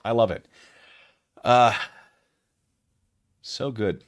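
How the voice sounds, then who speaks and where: A man's voice: medium pitch, very slow, no room sound, clean studio sound. A man hosting a casual livestream, reacting with sarcastic commentary and frequent laughter. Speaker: streamer.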